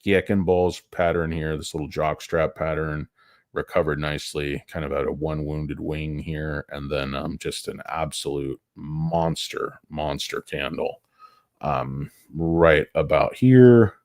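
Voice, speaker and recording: Deep-voiced man joking through market talk. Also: a little slow, no room sound, studio quality. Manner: crude joking asides, tangents, loud bursts. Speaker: stock market livestream host. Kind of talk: rambling casual market commentary.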